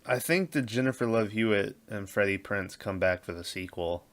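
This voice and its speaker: A man co-hosting a movie podcast, chatting casually with friends and laughing often, animated when retelling scenes. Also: fairly low pitch, moderate pace. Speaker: podcast co-host. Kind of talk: casual chat.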